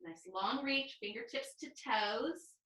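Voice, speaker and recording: Woman teaching pilates on a video call, bright voice, calm cues on every breath, echoey room. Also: a little high, takes it slowly. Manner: calm step-by-step cueing with breath counts. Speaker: pilates instructor. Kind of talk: cueing a live online mat class.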